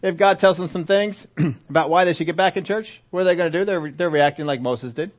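A man's voice: a little high, quick pace. A man preaching a sermon in a conversational way, often asking the congregation questions. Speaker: pastor. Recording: dull lo-fi recording.

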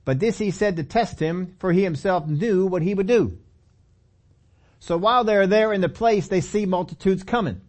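A man with a high-pitched, slightly mellow voice preaches a sermon at a moderate pace. He tells the story with humor, acts out the characters, and often laughs and puts questions to the audience.

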